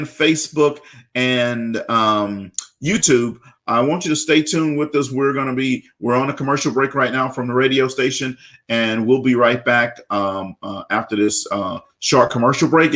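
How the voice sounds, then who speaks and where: A man's voice: mid-range voice, a bit bright. A man from Louisiana hosting a live radio talk show, upbeat, often stammering and repeating words.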